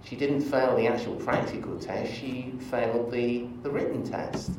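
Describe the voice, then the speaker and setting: A man preaching a sermon in a church, relaxed and conversational, leading into stories with asides to the congregation. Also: medium pitch, moderate pace, noisy background. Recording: echoey church from far off.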